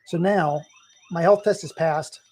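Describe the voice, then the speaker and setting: A man's voice: a little high, unhurried, a little mellow. A middle-aged man chatting casually and rambling while he plays a game on a live stream, laughing often and hiccuping.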